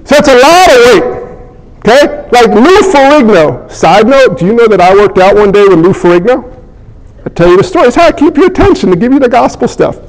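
A middle-aged man giving a humorous sermon, telling animated stories and acting out the people in them. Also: very high-pitched, fairly quick, big-room sound, low-quality recording. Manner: animated storytelling, acts out characters. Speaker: preacher.

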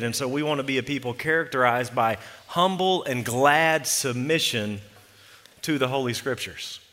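A male pastor delivers a sermon in a bright, forceful voice. He preaches in a measured way, slowing to lean on key words, and the long reverb of a church sanctuary trails after each phrase. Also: fairly high pitch.

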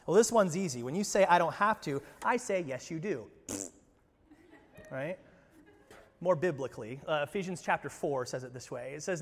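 A man pastor giving a conversational sermon, often asking his congregation questions. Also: fairly high pitch. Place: church sanctuary. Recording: reverberant church hall.

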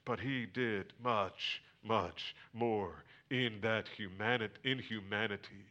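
A man preaching a sermon, swinging from loud emphatic lines to near whispers. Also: lowish voice, a little slow, muffled recording. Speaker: pastor.

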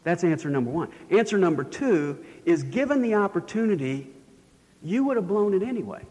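Preacher with a fairly high voice in a reverberant church. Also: male voice, very animated, a little fast, warm tone. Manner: storytelling, rising and falling for emphasis. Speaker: pastor. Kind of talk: sermon.

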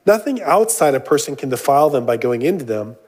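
A man's voice: medium pitch, big pitch swings, fast, a little mellow, slightly rough. Man preaching with casual asides. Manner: reads scripture aloud, then explains it with casual asides and jokes; frequent "uh" and "um" fillers. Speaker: pastor. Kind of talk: sermon.

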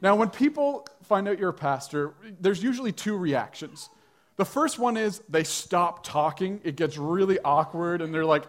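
A man's voice: high voice, animated, normal speed. A male pastor preaching a sermon to a church congregation, telling a story in a conversational way with light humor.

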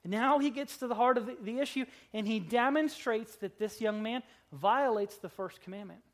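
A pastor preaching a sermon to a congregation in a church. They talk dramatically, with humorous asides, and swing from loud emphasis to hushed, low lines. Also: normal speed. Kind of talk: expository sermon.

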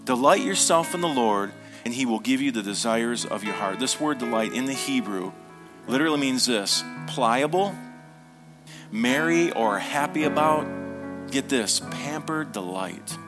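Pastor preaching a lively sermon. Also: male voice, medium pitch, unhurried, music in the background. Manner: animated, asks the congregation questions and repeats them; drops to soft, hushed tones for tender points.

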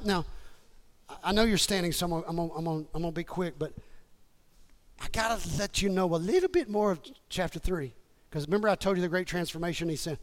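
A man preaching a sermon, leading the congregation in call and response and building to emphatic, shouted lines. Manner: emphatic preacher, swings from low asides to shouting. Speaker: pastor.

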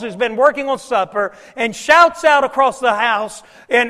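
A man preaching a sermon in a church, telling the story in a folksy way and acting out the dialogue, with his voice climbing to shouts. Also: very high-pitched, normal speed, hardly any pauses. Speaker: pastor. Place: church sanctuary. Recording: long hall reverb.

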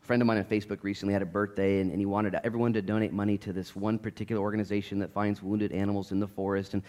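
A middle-aged male pastor preaching a sermon in an animated, joking way, swinging from loud bursts to hushed asides and mimicking voices. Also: fairly low pitch, racing. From Oregon coast, USA.

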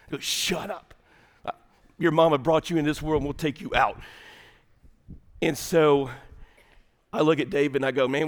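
A man, preaching an animated sermon full of comic stories, swinging from shouts to hushed lines. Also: medium pitch. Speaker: pastor.

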